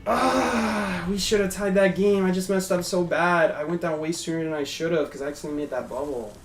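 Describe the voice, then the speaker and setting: A man's voice: high-pitched, fairly quick, a little hiss or hum. A young man giving chatty, casual commentary while live-streaming a game and thanking his viewers.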